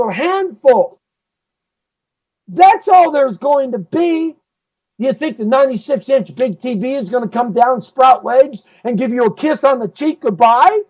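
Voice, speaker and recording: Ranting man on a dull lo-fi recording. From United States. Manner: ranting, swings between loud outbursts and low muttering. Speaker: live show host. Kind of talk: impassioned opinion monologue.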